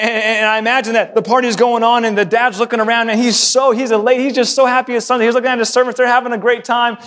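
High-voiced preacher in a reverberant hall. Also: male voice, fast, few pauses. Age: adult, married. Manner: animated storytelling, acting out voices of the father and son; repeats words when excited. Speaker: pastor. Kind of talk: sermon. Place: church sanctuary.

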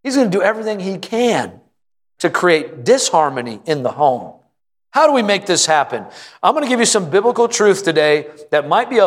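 Male pastor, sermon, emphatic repetitive preaching, fairly high voice, long church-hall reverb. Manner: emphatic preaching, rising to an excited pitch on repeated lines.

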